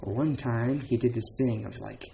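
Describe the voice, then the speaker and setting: A man's voice: mid-range voice, normal speed, gravelly, mellow, a little hiss or hum. A man giving a dharma talk as a Zen teacher, casual and chatty, with many fillers and laughs between points.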